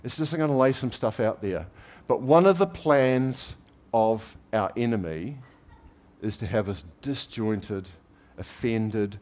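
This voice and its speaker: A man preaching a conversational sermon, telling everyday stories with light humor. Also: fairly low pitch. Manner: relaxed, anecdotal storytelling with light humor. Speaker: pastor.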